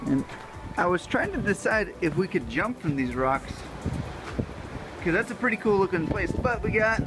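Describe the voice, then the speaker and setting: A man's voice: a little high, very animated, moderate pace, very noisy. A young man chatting in a travel vlog and giving a dry, joking play-by-play. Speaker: travel vlogger. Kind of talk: casual travel vlog chat. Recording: music under the voice.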